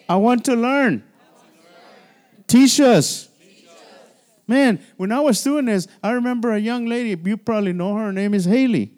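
The preacher's voice is high-pitched but dark in tone, and it comes through clean. He leads a midweek sermon in a church sanctuary, talking conversationally, restarting often, and drawing call-and-response from the room.

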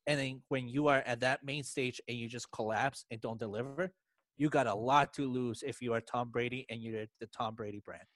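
A man's voice: mid-range voice, fairly even intonation, fairly quick, fairly bright tone, no room sound. Argumentative sports podcast man. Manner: argumentative, long run-on reasoning. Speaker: podcast co-host. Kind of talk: casual sports chat.

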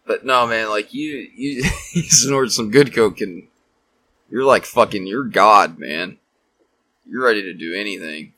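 A man's voice: on the low side, a little slow, fairly bright tone, low-quality recording. A young man telling rambling, profane stories in casual chat.

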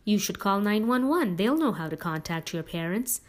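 A woman voicing a gruff, suspicious older male farmer who talks in a curt, clipped, impatient way. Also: medium pitch, lively intonation, moderate pace, close to an everyday voice. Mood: concerned.

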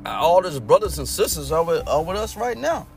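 Lively-voiced folksy preacher man, music behind. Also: on the high side, normal speed, vocal fry. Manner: folksy, conversational preaching with dialect and acted-out crowd quotes. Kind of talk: sermon.

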